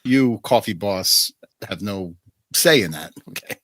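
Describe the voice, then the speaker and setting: A man's voice: on the low side, expressive, unhurried, a bit bright, dry recording. A man co-hosting a podcast, laid-back and joking dryly. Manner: laid-back, dry humor. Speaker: podcast co-host. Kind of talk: casual podcast chat.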